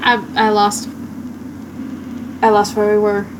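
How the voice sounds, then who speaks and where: Slow-talking giggly woman co-host. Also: medium pitch, completely flat delivery, a little hiss or hum, rough recording. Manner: giggly, hesitant banter. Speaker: podcast co-host. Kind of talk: casual comedic chat.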